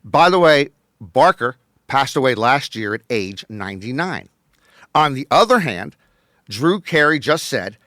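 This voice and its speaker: A man hosting a show with a scripted comic monologue, wry and deadpan with sudden emphatic bursts. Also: mid-range voice, measured pace, no echo, studio quality. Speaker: host.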